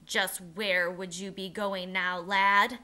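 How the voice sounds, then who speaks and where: A woman voicing a heavy-set, gruff male army captain who talks in a low, pushy, coaxing way while reading a storybook aloud. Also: level tone, slow, bright, forceful tone.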